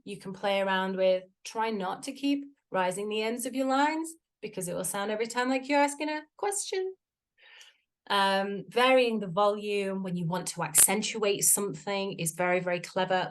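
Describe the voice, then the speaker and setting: A woman, a voice coach giving a chatty, playful online workshop talk over a video call. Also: moderate pace. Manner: chatty, playful, varies pitch for effect.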